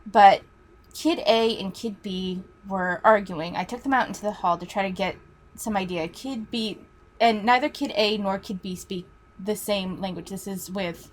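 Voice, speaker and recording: A woman's voice: medium pitch, slight background noise. A woman teacher telling a story in a casual, chatty way, swearing freely.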